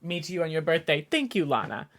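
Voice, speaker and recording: Man, 20s, casual stream chat, lively swinging pitch, keyboard typing behind. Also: fast talker, heavy background noise. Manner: animated, jokey, talks to chat while typing.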